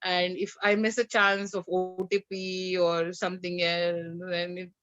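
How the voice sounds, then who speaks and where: A woman guest, a mother and coach, telling a personal story in a candid conversation over a video call, animated and acting out dialogue. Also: lowish voice, unhurried. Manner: animated, recounts with acted-out dialogue and laughs. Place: home. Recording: slightly dull lo-fi sound.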